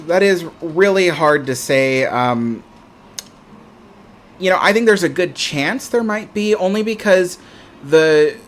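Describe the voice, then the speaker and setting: A man's voice: on the high side, a little hiss or hum. A man hosting a live stream, chatting casually and reading viewer comments aloud with frequent ums. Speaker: livestream host.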